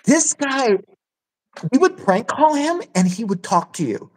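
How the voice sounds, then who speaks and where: A woman's voice: sits high, big pitch swings, a little slow, a little mellow. A woman hosting a podcast, telling a crude, blunt story in casual chat and swearing freely. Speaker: podcast host.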